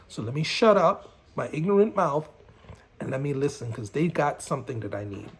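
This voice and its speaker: A man's voice: a little high, sing-song, moderate pace, slightly rough. A man teaching as a mentor, emphatic and preachy, repeating his key points. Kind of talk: motivational teaching.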